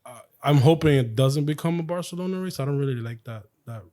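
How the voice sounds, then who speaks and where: A man co-hosting a racing podcast in casual chat, talking in a relaxed, rambling way with many fillers. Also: fairly high pitch, fast. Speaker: podcast co-host.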